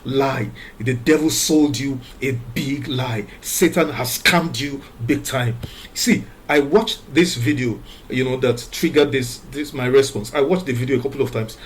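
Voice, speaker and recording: A man from Nigeria speaks in an emphatic, preaching way, hammering the same words again and again. His pitch sits in an ordinary middle range. He reads scripture evenly and then poses pointed rhetorical questions. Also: a little hiss or hum. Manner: reads scripture aloud in a measured way. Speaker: commentator. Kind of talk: preachy moral commentary monologue.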